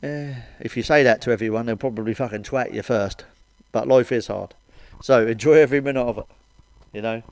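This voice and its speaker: A man's voice: medium pitch, a little fast, darkish tone, dry recording. Sweary man grumbling jokes. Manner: swears constantly, blunt, grumbling rants. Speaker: stand-up comedian. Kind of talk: stand-up monologue to camera.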